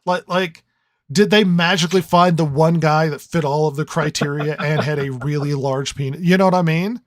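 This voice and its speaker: A man's voice: fairly high pitch, moderate pace, no room sound, studio quality. A man co-hosting a podcast review in casual chat, rambling and riffing with lots of stammered restarts. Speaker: podcast co-host.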